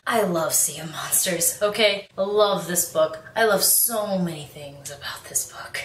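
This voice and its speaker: A woman's voice: lowish voice, unhurried, far from the mic, slight background noise. A young woman chatting casually in a book review vlog, bubbly and rambling, with plenty of restarts and laughs. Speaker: book vlogger. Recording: echoey room, away from the mic.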